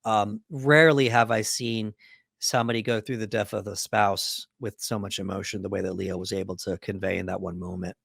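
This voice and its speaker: A man with a low voice and a rough, gravelly edge talks through a movie's plot as a podcast co-host. He reads from his notes and pads his sentences with fillers. The sound is dry and close, with no room in it. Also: steady tone, a little fast, a bit bright, dry recording. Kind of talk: casual film breakdown chat.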